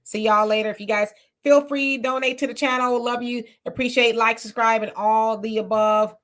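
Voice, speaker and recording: A woman hosting a casual live stream, reading viewer comments aloud and answering them in an animated, talkative way. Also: on the high side, normal speed. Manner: animated, talks back to comments.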